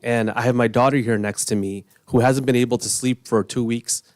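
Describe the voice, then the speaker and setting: Man, middle-aged, public comment, earnest, emotional, halting, dry recording. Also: mid-range voice, fairly even intonation, a little mellow, no echo. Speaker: resident speaking at public comment. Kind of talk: public comment at a village board meeting. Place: village board meeting room.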